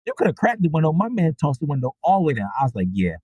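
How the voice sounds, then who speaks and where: Animated husky-voiced storyteller. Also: male voice, rapid-fire, no echo, lo-fi sound. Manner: animated, profane, voice jumps high when reenacting reactions. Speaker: podcast host. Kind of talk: casual storytelling monologue.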